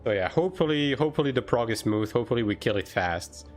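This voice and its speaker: A chatty male streamer talks loosely to his chat at a mid pitch, full of fillers and sudden quick bursts. Soft music runs faintly behind him. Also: animated. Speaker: game streamer. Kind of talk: casual live-stream chat, answering chat.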